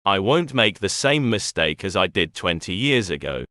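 A man's voice: low-pitched, big pitch swings, normal speed, pushed and bright, dry recording, clean studio sound, exaggerated voice. A man voicing a principled, short-tempered man who answers curtly and growls when pushed. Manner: curt, growling.

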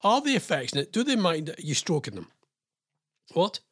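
A man's voice: a little high, very animated, normal speed, fairly bright tone, husky, dry recording, studio quality. A man hosting a radio show, chatting casually in a rambling, self-deprecating way. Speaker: radio host.

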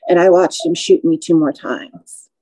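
A woman in her forties with a warm, mellow voice shares a personal testimony as a podcast guest. She speaks slowly and in measured phrases, with feeling. The sound is dry and close. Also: lowish voice, wildly swooping pitch, gravelly, slightly rough, no echo, low-quality recording. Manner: measured, slow, emotional recounting.

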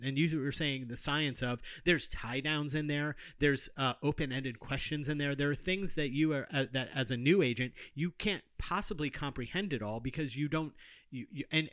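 A man's voice: fairly high pitch, fairly bright tone, no room sound, clean studio sound. A man co-hosting a podcast in casual chat, arguing his points emphatically and repeating himself for force. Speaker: podcast co-host.

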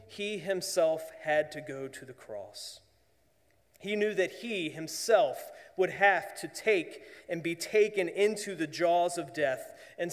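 A man preaching a sermon as pastor, earnest, often dropping to a hushed voice for emphasis. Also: sits high, long reverb tail.

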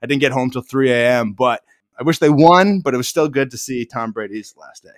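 A man's voice: medium pitch, brisk. A man telling stories on a podcast, acting out the voices of the people in them. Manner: animated storyteller, acts out quotes. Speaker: podcast co-host. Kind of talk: casual chat.

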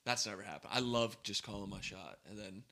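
A young man co-hosting a podcast, chatting casually in an animated, quick way with lots of fillers and laughs. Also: fairly low pitch, vocal fry, a little hiss or hum. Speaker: podcast co-host. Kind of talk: casual chat.

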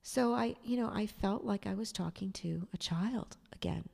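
A woman's voice: medium pitch, normal speed, vocal fry, a little mellow, long reverb tail. A woman telling a personal story in a chatty, digressive way, with sarcastic asides. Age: adult. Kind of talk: casual storytelling monologue.

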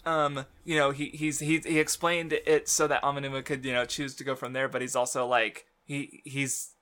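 Bright-voiced man rambling about comics. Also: medium pitch, level tone, moderate pace. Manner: rambling, filler-heavy, laughs often, swears. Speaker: podcast co-host. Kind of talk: casual chat about manga.

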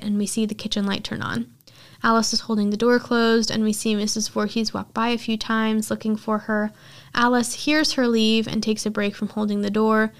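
Woman podcast host, chatty and casual recap, slightly high voice. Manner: chatty storytelling with filler words.

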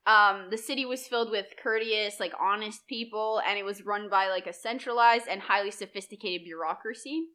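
Bright young woman chatting about history. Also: mid-range voice, fairly quick, few pauses. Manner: lively, chatty, many likes and ums, laughs often. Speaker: podcast co-host presenting history. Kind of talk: casual conversational history chat.

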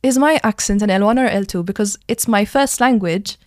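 A young woman with a Maltese accent talks loosely and at length, with "like" scattered through her sentences. Her voice sits at an ordinary middle pitch and sounds close and dry, with no room around it. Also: fairly quick, dry recording. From Malta. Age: young adult. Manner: chatty, explains at length with many "like" fillers. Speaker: drama school student guest. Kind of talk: casual podcast chat.

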